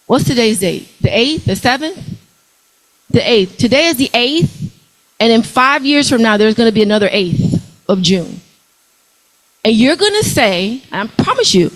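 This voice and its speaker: Animated woman preaching money to a crowd. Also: fairly high pitch, normal speed, long pauses, poor audio. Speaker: workshop speaker. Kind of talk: motivational talk to a live audience.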